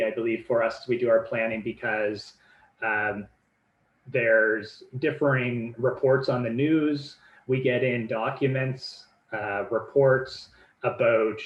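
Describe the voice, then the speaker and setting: A man's voice: mid-range voice, reverberant, dull audio. A man giving an informal presentation, loose in delivery, with many fillers and repeated words.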